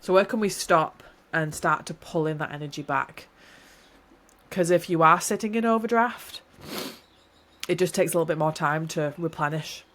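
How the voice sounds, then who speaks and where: A woman's voice: low voice, moderate pace, a bit bright, slight background noise. A woman hosting a solo podcast, talking in a reflective, encouraging, rambling way and often correcting herself mid-sentence. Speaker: podcast host.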